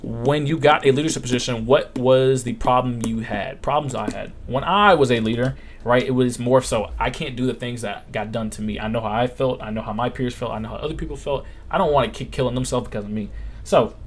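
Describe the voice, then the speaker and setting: A man's voice: medium pitch, fairly quick, a little hiss or hum. Blunt, profane young man streaming. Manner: blunt, profane storytelling, acts out quotes. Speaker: live stream host answering questions. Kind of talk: casual live stream Q&A.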